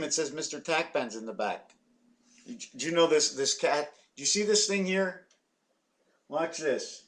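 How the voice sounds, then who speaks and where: A man's voice: a little high, a little slow, a bit bright. A man from Quebec, Canada, talking in a meandering, playful vlog monologue full of wordplay and muttered asides. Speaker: vlogger.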